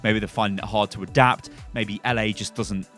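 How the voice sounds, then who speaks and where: A man's voice: lowish voice, fairly quick, soft background music. A British man hosting a gaming news show in a chatty, opinionated commentary style. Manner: animated, opinionated, chatty with fillers.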